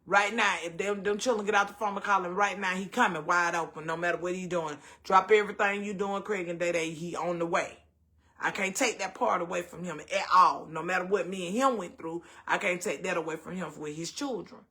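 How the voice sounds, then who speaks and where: A woman's voice: on the low side, fairly even intonation, a little fast, bright, forceful tone. A middle-aged woman with a Southern US accent, hosting a casual storytelling chat in a blunt, profane way and acting out the voices of people she quotes. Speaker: host.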